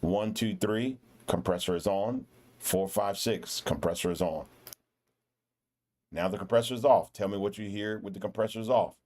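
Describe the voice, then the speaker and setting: A man's voice: fairly low pitch, normal speed, a little mellow. A man teaching a live-streamed audio lesson, patient and encouraging, repeating his questions for the chat. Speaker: instructor. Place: indoor room with air conditioning. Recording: raw mic with air conditioner hum.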